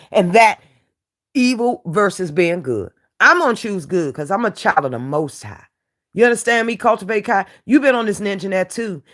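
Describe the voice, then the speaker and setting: A woman from the United States, hosting a casual commentary rant in a brash, taunting way and laughing often. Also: on the low side. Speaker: YouTube commentary host playing a judge.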